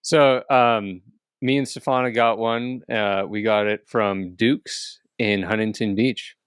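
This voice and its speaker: A relaxed man co-hosting a casual podcast, laughing easily as he chats. His voice is on the low side. The sound is dry and close, with no room echo. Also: takes it slowly, clear, resonant tone. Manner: laid-back, laughs easily. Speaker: podcast co-host.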